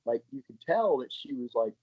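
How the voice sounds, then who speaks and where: A podcast guest with a medium-pitched, breathy-edged voice and big pitch swings talks at normal speed, in slightly muffled, dry audio. He tells stories frankly and chattily during a casual interview, swearing freely and often acting out the voices of people he quotes.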